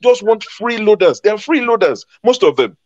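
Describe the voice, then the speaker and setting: A man's voice: high voice, very animated, normal speed, darkish tone, no room sound, dull audio. Emphatic man in a heated debate. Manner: emphatic, combative, repeats points. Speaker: debate panelist.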